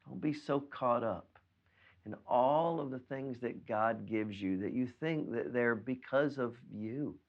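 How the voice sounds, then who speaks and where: A man's voice: medium pitch, dull audio. A man preaching a sermon as pastor, earnest and given to repeating words as he stresses a point. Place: preached by video from home during quarantine.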